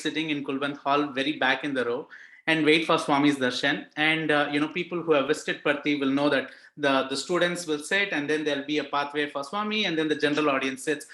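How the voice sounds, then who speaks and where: A man's voice: a little high, bright, forceful tone, roomy sound. A young Indian man with an Indian accent sharing a personal devotional story, earnest and emotional, with many fillers. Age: young adult. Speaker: speaker sharing a personal experience. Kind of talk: devotional testimony talk.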